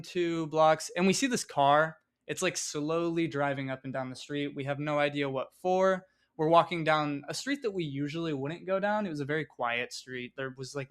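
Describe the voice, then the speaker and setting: Young man, storytime vlog, rambling, fillers and swearing, slightly high voice. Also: a bit bright. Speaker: vlogger. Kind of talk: casual storytime narration.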